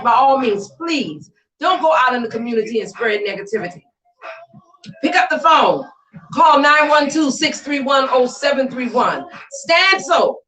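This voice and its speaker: A woman's voice: high-pitched, fairly bright tone, distant mic. A woman hosting a talk show, talking emphatically and often raising her voice. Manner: emphatic, exclamatory, often raises voice. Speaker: podcast host. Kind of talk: casual talk show chat. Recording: roomy sound, away from mic.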